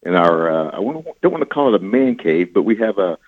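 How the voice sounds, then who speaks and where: Deep-voiced man on a tinny phone line. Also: big pitch swings, quick pace, dry recording. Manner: folksy, enthusiastic salesman talk. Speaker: radio guest, cooler business owner. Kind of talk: casual phone-in chat.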